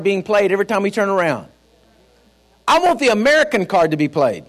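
Texan male pastor, high and lively pitch, folksy sermon with emphatic climbs. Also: fairly quick, long pauses. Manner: preachy, folksy storytelling with rising emphatic outbursts.

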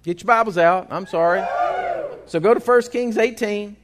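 A man's voice: sits high, moderate pace, noisy background. A man, a pastor preaching a sermon in a folksy, joking way with asides to the congregation. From Texas.

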